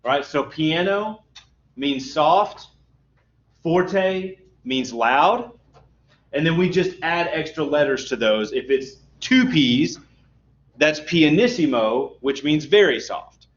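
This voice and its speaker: A man's voice: fairly high pitch, animated, takes it slowly. A man teaching a college music class, explaining terms step by step and often checking with "okay?". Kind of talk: classroom lecture. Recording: dull lo-fi lecture recording.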